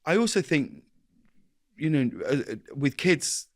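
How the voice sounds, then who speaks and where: A man's voice: fairly high pitch, very animated, unhurried, no echo, clean studio sound. A man, a guest speaking earnestly in an interview, often restarting his sentences and acting out little exchanges of dialogue. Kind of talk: reflective interview conversation.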